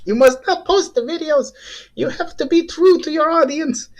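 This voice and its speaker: A man putting on a high falsetto to voice a preachy, moralizing conscience figure in a comic skit. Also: moderate pace. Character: preachy squeaky young conscience figure, male.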